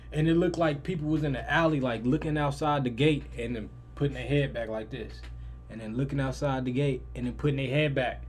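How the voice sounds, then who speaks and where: A young man telling a story in a lively, casual way, jumping to loud, high-pitched quoted lines. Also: brisk. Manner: animated, swings loud and high in quoted lines, swears freely. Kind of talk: animated storytelling.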